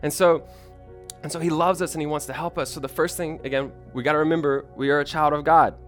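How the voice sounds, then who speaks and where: A man's voice: on the high side, fairly even intonation, fast talker, faint music behind. A young man preaching a sermon, earnest and personal, often restarting his sentences. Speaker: pastor.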